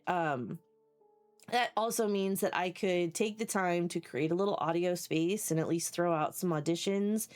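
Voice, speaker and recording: A woman streaming live who chats casually with her viewers, rambling, swearing freely and laughing often. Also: medium pitch. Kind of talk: casual chat. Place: home basement.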